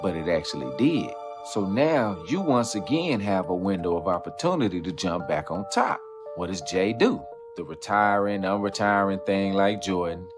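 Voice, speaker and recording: A man with a low voice tells the story in a lively, rising-and-falling way. Music plays clearly behind him. He keeps the listener hooked with rhetorical questions. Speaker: commentary narrator. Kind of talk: scripted narration over music. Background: background music.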